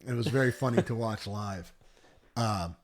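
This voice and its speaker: With a lowish voice and a moderate pace, a young man co-hosts a podcast. His casual storytelling wanders, and he frequently stops to correct himself.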